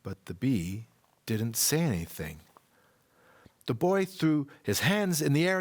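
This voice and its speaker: A man leading an online worship service, reading a children's story aloud as an expressive storyteller. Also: mid-range voice. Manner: expressive storyteller, slow and deliberate. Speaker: worship leader.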